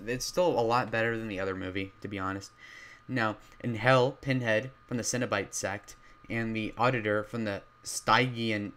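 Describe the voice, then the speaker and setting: A man reviewing horror films in a loud, rambling way, full of fillers and restarts, his voice strained from talking loudly. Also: on the low side. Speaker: movie reviewer. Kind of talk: casual spoken film review.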